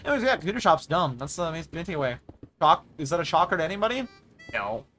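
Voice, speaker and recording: A man's voice: on the high side, big pitch swings, fast, bright, forceful tone, faint music behind. A young man streamer in casual chat, ranting in exasperation and swearing freely as he mimics the people he talks about.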